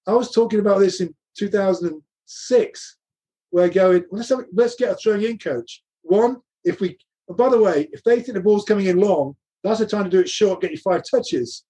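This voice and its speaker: A man's voice: high voice, a little mellow, slightly rough. A middle-aged man telling stories from his coaching career, laughing often and acting out the dialogue he quotes. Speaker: guest recounting coaching career. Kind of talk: animated anecdotal storytelling.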